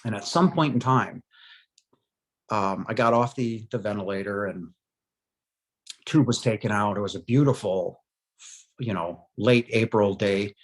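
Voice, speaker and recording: A middle-aged man telling the story of his near-death experience in a halting, emotional way, with many pauses and fillers. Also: fairly low pitch.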